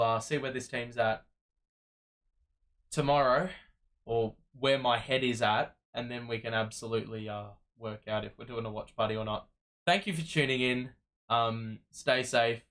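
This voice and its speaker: A man at mid pitch, talking on a fan livestream. His delivery is casual and weary, with a frustrated edge. He rambles and restarts his sentences as he goes. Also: a bit bright. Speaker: sports watch-party livestream host.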